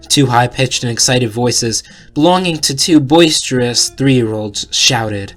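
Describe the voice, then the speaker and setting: A man's voice: medium pitch, unhurried, hardly any pauses, a bit bright, soft background music. A man reading a fan story aloud in a casual way, with joking asides.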